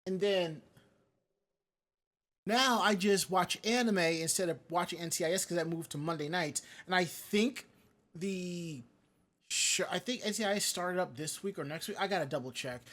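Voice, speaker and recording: A man with a notably high-pitched voice talking loosely on a live-streamed show. He drifts from one tangent to the next and stops to read out chat messages, all in easy casual chat. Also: normal speed, a bit bright. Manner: rambling, digressive, reads chat comments aloud. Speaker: podcast co-host.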